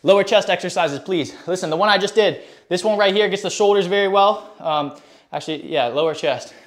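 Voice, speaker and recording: Young male fitness streamer, high voice, winded, casual bro energy. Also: fairly quick. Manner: hyped, casual bro talk to chat. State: out of breath. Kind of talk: live workout stream chat.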